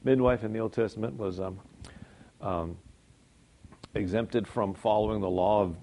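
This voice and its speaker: A Christian speaker gives an informal sermon in a mellow, lowish voice at normal speed. He's conversational, chuckles often, and jokes at his own expense.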